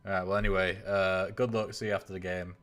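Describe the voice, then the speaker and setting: A man's voice: deep voice, flat delivery, fast talker, fairly bright tone. A man hosting a game tournament stream, chatting casually with many fillers as he commentates.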